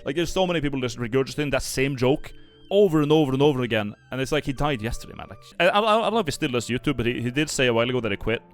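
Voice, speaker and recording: A man's voice: medium pitch, lively intonation, racing, smooth, soft background music. A young Norwegian man giving casual stream commentary, rambling with many fillers and restarts. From Norway.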